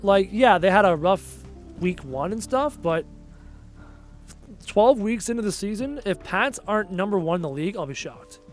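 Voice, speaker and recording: A tired man hosting a gaming livestream, casually rambling and reading viewer comments aloud, his phrases often trailing off quietly. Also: high-pitched, animated, moderate pace, faint music behind. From Canada. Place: home.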